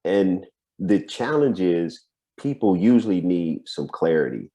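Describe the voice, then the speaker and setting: A man's voice: sits low, big pitch swings, measured pace, mellow. A man, a coach, chatting casually over a video call, musing and laughing between points. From United States.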